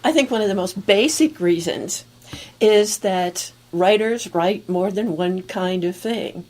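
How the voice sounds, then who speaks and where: A woman's voice: mid-range voice, slow, darkish tone. A woman author on a podcast panel, speaking articulately and laughing often. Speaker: author guest. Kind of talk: casual panel chat.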